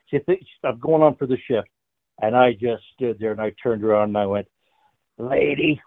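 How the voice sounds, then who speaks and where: A man's voice: mid-range voice, measured pace, long pauses, dry recording. An older man telling a profane hockey story, laughing often. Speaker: guest, former hockey player. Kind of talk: casual storytelling. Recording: dry tinny phone-like line.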